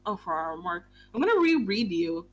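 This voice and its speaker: A young woman hosting a book club stream in casual chat, talking in a quick, gushing way and swearing casually. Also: mid-range voice, big pitch swings.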